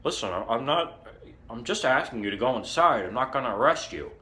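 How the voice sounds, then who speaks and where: A patient police officer, put on by a man, talking in measured, steady tones. He stumbles a little at the start of his words, but he never loses his cool. The voice stays close to an everyday man's. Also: medium pitch. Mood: calm.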